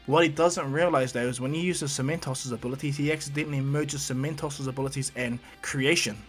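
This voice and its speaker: A man's voice: medium pitch, fairly even intonation, fairly quick, faint music behind. A man retelling a fan story casually, rambling along. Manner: rambling, with fillers and restarts.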